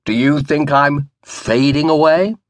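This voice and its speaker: A man's voice: fairly high pitch, measured pace, no echo, pitched above the performer's own voice, lightly acted. Man voicing a stern young naval lord. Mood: dry. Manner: stern, dry.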